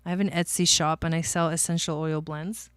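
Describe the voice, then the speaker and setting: Smooth chatty woman reading tarot on a livestream, dry close sound. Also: low voice, flat delivery, fairly quick, no room sound. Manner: chatty, laughs often, talks to viewers by name. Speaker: astrologer and tarot reader.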